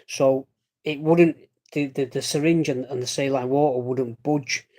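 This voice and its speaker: A man's voice: mid-range voice, steady tone, a little slow, a little mellow. A man chatting casually on a livestream, rambling with jokey asides and the odd swear word. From Britain. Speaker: vlogger living with a lung condition.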